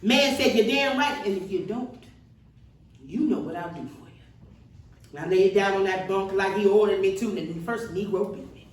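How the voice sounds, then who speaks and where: A woman's voice: medium pitch, moderate pace, close to an everyday voice. An actress in a seated stage reading, playing a defiant middle-aged Southern woman activist with a Mississippi accent and an earthy, testifying cadence, heard from far off in a roomy hall.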